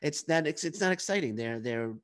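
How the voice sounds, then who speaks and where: A man co-hosting a podcast in casual banter, teasing his partner and laughing often, with halting restarts. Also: fairly high pitch, expressive, a bit bright. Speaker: podcast co-host.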